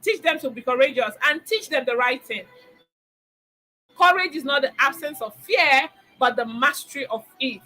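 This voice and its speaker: A woman's voice: high-pitched, normal speed, pushed and bright, poor audio. A middle-aged woman teaching a parenting webinar, emphatic, repeating key phrases and asking rhetorical questions. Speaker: parenting coach.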